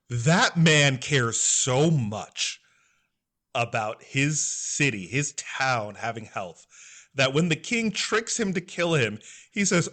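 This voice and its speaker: Animated male podcast co-host. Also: medium pitch, slow. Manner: animated, emotional storytelling. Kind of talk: casual podcast recap.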